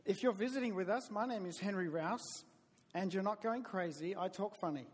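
High-voiced Southern preacher in a reverberant hall. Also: male voice, moderate pace, breathy edge. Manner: folksy, self-deprecating storytelling with hesitant restarts. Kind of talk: sermon. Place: church sanctuary.

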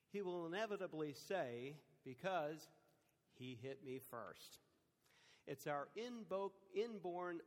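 A man's voice: on the high side, big-room sound. An older man preaching a sermon, telling stories and acting out quoted dialogue in a conversational way. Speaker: pastor.

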